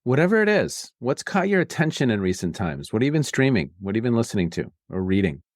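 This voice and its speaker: A man's voice: medium pitch, big pitch swings, fast, no room sound, studio quality. A man hosting an interview, reflecting on the guest's points and asking open questions. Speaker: podcast host.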